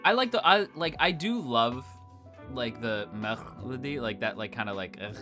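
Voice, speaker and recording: A man's voice: mid-range voice, lively intonation, normal speed, music in the background. A man hosting a casual streamed chat, rambling playfully with lots of fillers. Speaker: host.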